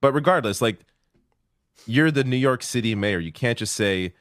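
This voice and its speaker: A man's voice: medium pitch, lively intonation, moderate pace, a bit bright, dry recording, studio quality. A man co-hosting a casual panel talk show, incredulous and critical in tone. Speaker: panel co-host.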